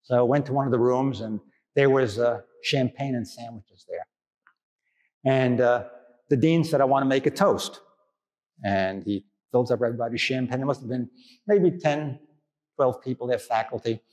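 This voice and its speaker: Older New priest in echoey hall. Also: male voice, medium pitch, moderate pace, darkish tone. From Brooklyn, New York. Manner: chatty, folksy, lots of fillers and asides. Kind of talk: storytelling sermon. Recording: echoey hall with long reverb.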